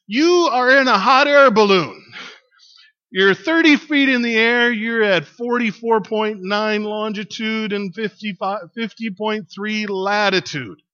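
A man putting on a shrill, scolding woman engineer. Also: unhurried. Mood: matter-of-fact. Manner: high, loud and indignant. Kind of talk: joke told in a sermon. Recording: lo-fi dull recording.

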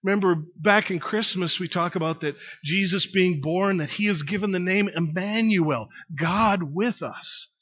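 A male pastor preaches in a loose, conversational way, leaning on repeats for emphasis. His voice sits a bit high and sounds bright and forceful. The recording is dull and lo-fi. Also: a little slow, hardly any pauses. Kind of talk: sermon.

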